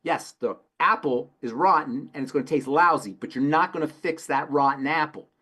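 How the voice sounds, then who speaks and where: A man, a pharmacist on a health show, answering questions in an emphatic, rapid-fire way and repeating his key phrases. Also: on the high side, sharp tone, breathy edge. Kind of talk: call-in health talk.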